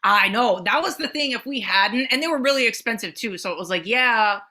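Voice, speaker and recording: A woman co-hosting a casual podcast, spinning an animated story full of swearing. Her voice is bright and forward, and she slips into the voices of the people she quotes. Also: on the high side, brisk. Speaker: podcast co-host.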